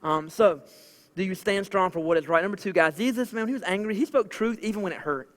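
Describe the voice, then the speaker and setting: High-voiced Southern pastor, chatty sermon. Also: male voice, fast talker, fairly bright tone. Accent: Southern American. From American South. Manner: casual, chatty preaching with many "like" fillers. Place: church auditorium. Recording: long church hall reverb.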